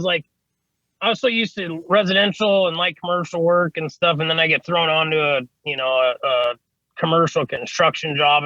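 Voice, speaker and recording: Fairly high and bright, the voice of this HVAC service tech comes across forcefully, recorded without echo but with the highs cut off. As a podcast guest in a casual interview, he rambles through his stories, swearing casually and often tossing in "you know what I mean."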